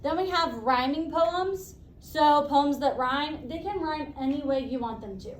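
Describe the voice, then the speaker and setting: High-voiced woman teaching a class. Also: reverberant, recorded from a distance, slight background noise, rough recording. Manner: brisk, encouraging, asks questions.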